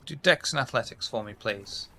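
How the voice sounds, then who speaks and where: Bright-voiced playful male game master. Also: mid-range voice, moderate pace. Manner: playful, full of double meanings. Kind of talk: narrating a tabletop game.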